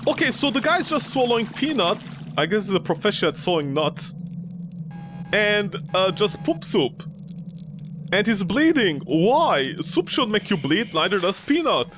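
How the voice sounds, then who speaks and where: A man's voice: high voice, sing-song, moderate pace, noisy background. A man doing joking let's play commentary on a horror game, rambling and breaking into mock outrage and yelps. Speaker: gaming streamer.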